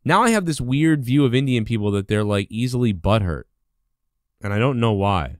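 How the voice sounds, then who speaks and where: A man's voice: mid-range voice, animated, normal speed, no echo, studio quality. A man hosting his own podcast, ranting alone in a rambling, indignant way, with constant fillers and swearing. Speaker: podcast host. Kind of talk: solo rant.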